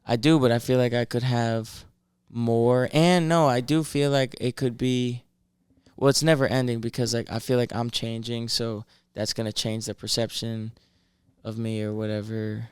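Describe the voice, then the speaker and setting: Smooth-voiced, soft-spoken man from Massachusetts. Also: mid-range voice, little pitch movement, normal speed, no room sound, clean studio sound. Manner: soft-spoken, searching for words. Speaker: rapper, podcast guest. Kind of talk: casual chat.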